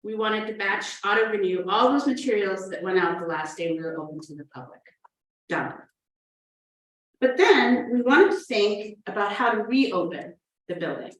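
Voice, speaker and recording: A woman's voice: medium pitch, expressive, moderate pace, a bit bright. New lady telling a story at a conference, earnest with playful bits, very roomy and a bit far away. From New Hampshire. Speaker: assistant state librarian giving a conference talk. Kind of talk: prepared conference presentation. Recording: roomy, echoey from off the mic.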